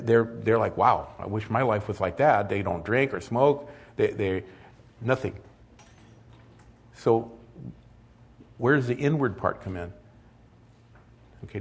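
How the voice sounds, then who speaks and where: A man's voice: mid-range voice, slightly rough. An older man preaching a sermon as pastor, conversational with joking asides.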